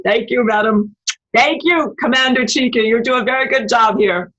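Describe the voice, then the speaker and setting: A woman's voice: a little high, normal speed, fairly bright tone, lo-fi sound. A woman giving an emphatic, profane, rambling spiritual livestream monologue and answering viewer comments. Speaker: spiritual vlogger.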